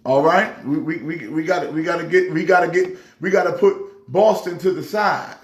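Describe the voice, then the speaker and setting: With a fairly high pitch and a moderate pace, a pastor talks sports casually to camera on his vlog. His trash talk is emphatic and wanders, and the room he records in echoes.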